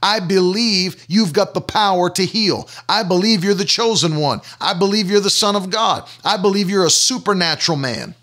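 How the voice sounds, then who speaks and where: A man acting out a blind beggar pleading earnestly for healing, in a high, bright and ringing voice, as part of a sermon. He sounds desperate and sure at once. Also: normal speed, few pauses. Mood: believing.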